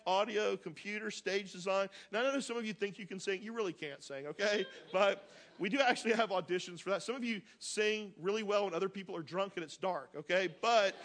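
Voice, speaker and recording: A male pastor giving a sermon to his congregation, energetic and joking, talking straight to the people in the pews. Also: sits high. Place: church sanctuary with congregation.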